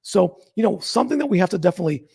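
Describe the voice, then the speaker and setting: Guy doing a trading video, gravelly husky voice, kinda high, gets really animated. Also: rapid-fire. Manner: animated, emphatic, often asks rhetorical questions. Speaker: trading channel host. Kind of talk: casual market analysis talk.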